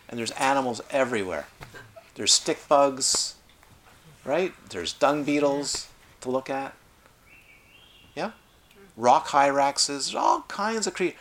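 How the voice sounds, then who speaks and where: A middle-aged man leads a meditation retreat talk in an animated, playful way. His voice has a bright edge, and a faint hiss sits under the recording. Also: fairly high pitch, measured pace, long pauses. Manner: animated, acts out quoted voices, lively asides. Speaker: meditation teacher.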